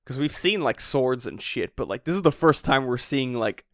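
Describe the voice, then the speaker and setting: A man co-hosting a podcast, chatting excitably, laughing often and swearing casually. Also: medium pitch, normal speed, dry recording, clean studio sound. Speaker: podcast co-host. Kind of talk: casual chat recapping a manga chapter. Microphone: podcast microphone.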